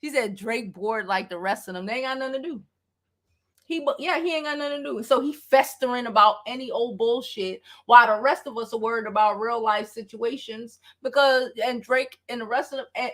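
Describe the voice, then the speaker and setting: A woman with a high voice talks through a casual gossip livestream, loose and profane. Her tone is bright and tense. She laughs easily and stays expressive throughout. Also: moderate pace. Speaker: celebrity gossip vlogger.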